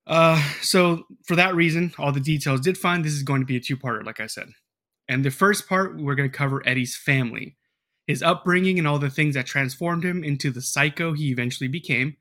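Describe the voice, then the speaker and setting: A man's voice: fairly high pitch, fairly quick, a bit bright. A man hosting a casual podcast, telling a story in a rambling way with lots of fillers and swearing. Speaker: podcast host.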